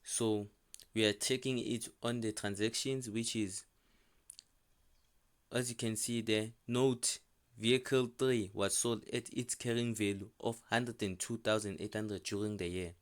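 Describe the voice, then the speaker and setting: A man teaching an accounting lesson as a screen-recorded voice-over, walking through a question paper step by step and repeating each figure slowly. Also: on the low side, steady tone. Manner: repetitive, restating figures slowly. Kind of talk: step-by-step tutorial explanation.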